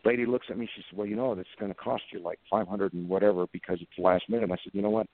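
A police officer in his fifties, appearing as a guest, speaks very fast in a low voice with fairly even intonation. He tells anecdotes in conversation in an earnest, plain-spoken way, growing emotional when recalling events, over a tinny, phone-like line with dry sound and no echo.

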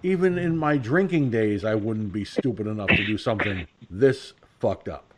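A man hosting a casual radio talk show, blunt and profane, rambling and slipping into quick impressions. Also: fairly low pitch, expressive, slight background noise. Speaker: host.

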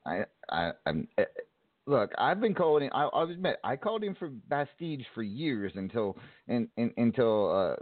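Bantering male host, lively pitch, phone-like sound. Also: moderate pace, no room sound, faint music behind. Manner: bantering, stumbling. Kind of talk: call-in show hosting.

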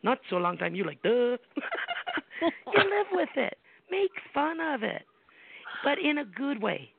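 A middle-aged American woman with a high, gravelly voice, hosting a psychic call-in show. She talks bluntly and emphatically, salting her stories with curses and rhetorical questions. She sounds thin and tinny over a dry phone line. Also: sing-song, moderate pace, very noisy. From United States. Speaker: psychic medium host. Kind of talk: casual personal storytelling on a call-in show.

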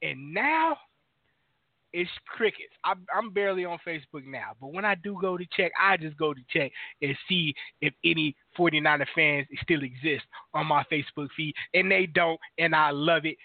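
A man co-hosts a football talk show, mocking rival fans with a gloating edge. His voice sits a little high. The sound is dry and tinny, like a phone call. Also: brisk, few pauses, no echo. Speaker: co-host, the scholar. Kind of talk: casual sports talk.

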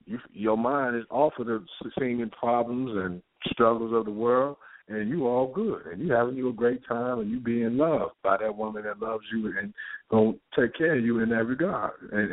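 A man chats as a guest playwright, slipping in and out of the voices of the people in his stories. His pitch sits in the middle for a man. The sound is dry and narrow, like a phone call. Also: dry recording. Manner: animated storyteller, acting out quoted characters. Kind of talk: casual talk show chat. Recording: tinny phone-line audio.

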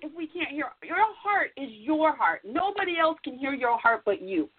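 High-voiced emphatic woman co-host, tinny audio. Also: sing-song, normal speed, heavy background noise. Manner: emphatic, repeats herself, acts out inner voices. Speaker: podcast co-host. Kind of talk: casual advice chat.

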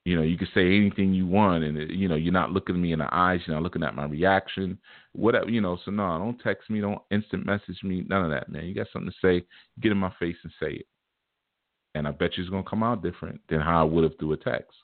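Low-voiced man talking over a phone-like line. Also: fast, no room sound. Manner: loose, conversational, repeats "you know". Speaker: spiritual teacher. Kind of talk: casual spiritual talk. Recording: tinny, phone-like, very dry.

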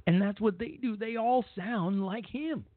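A man's voice: high-pitched, a little slow, dry recording. Blunt talk-radio host, man on a narrow line. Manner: blunt, rambling, repeats himself. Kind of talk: opinionated talk radio monologue. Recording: dry, phone-like narrow sound.

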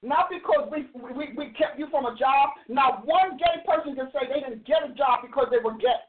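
A woman in her sixties with a high voice speaks at a moderate pace, telling a story and arguing emphatically like a host preaching to her audience in animated opinion talk. The audio sounds tinny, as if over a phone.

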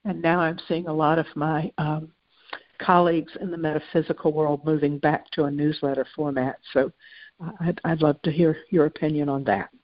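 A woman's voice: sits low, level tone, moderate pace, no echo, lo-fi sound. A woman hosting a spiritual talk show, talking conversationally with many fillers and restarts. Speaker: host.

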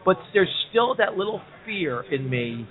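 A man's voice: sits high, sing-song, unhurried. A man hosting a casual talk show in a pub, talking earnestly and preachily and repeating himself. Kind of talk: casual bar-room talk show chat. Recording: tinny lo-fi phone-like sound.

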